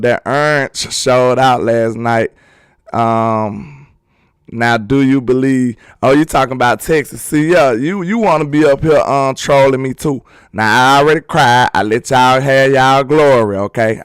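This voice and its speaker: A man hosting a sports livestream, chatting casually and excitedly while reading viewer comments. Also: medium pitch, measured pace, smooth, dry recording, clean studio sound. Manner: excitable, talkative, teasing with chat.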